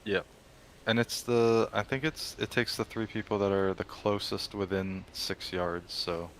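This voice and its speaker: Flat, deep-voiced man calling out a raid. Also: measured pace. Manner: steady and matter-of-fact, giving directions. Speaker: raid leader. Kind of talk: calling out raid instructions over voice chat. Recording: voice chat over loud background noise.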